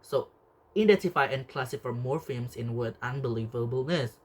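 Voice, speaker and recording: A young man, a student, reading out a class presentation in a halting way, often restarting words. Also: medium pitch. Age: young adult.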